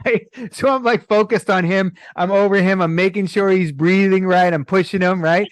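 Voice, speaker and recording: A man's voice: high-pitched, normal speed, hardly any pauses, no room sound. A middle-aged man, a breathwork coach in a podcast interview, telling stories and acting out the people in them. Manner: animated storytelling, acts out quoted people.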